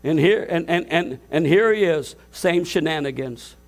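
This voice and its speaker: An older man preaching a sermon to his congregation at a church service, impassioned, climbing to shouts and stumbling over restarts. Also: on the high side, expressive, moderate pace. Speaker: pastor.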